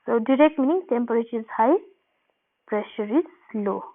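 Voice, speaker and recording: A woman geography teacher, giving a recorded class lecture in an explanatory manner, restating points and pausing with "uh" and "um". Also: a little high, animated. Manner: explanatory, repeats points, frequent "uh" and "um". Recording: tinny phone-like audio.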